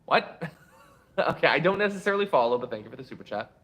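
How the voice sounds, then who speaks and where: Animated, chatty male show host. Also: mid-range voice, quick pace. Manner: animated, chatty, wry asides to viewers. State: tired. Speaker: political commentary show host. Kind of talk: live show commentary and reading super chats.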